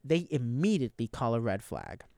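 Smooth-voiced man recapping a race. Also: mid-range voice, normal speed, no echo, clean studio sound. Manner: animated, recounts race events in detail. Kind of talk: casual sports chat.

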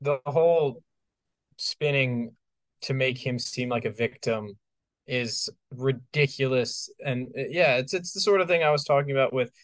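A man's voice: mid-range voice, unhurried, dry recording. A man co-hosting a podcast, talking emphatically and exasperatedly, restarting words often. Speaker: podcast co-host. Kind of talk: casual podcast discussion.

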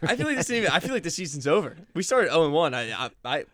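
A man's voice: fairly high pitch, big pitch swings, racing, a bit bright, no room sound, clean studio sound. A young man co-hosting a casual sports podcast, ranting in an exasperated, fired-up way. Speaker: podcast co-host.

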